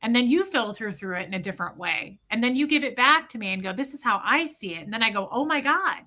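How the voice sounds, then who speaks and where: Bright, impassioned woman livestreamer. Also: fairly high pitch, animated, fast. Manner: impassioned, swings between yelling and quiet reflection. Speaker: livestream host. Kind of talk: emotional livestream monologue.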